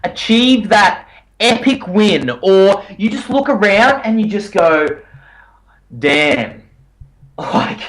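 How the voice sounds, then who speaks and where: High, lively-voiced energetic male podcaster. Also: unhurried, low-quality recording. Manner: energetic, playful, teasing. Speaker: podcast co-host. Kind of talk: casual podcast chat.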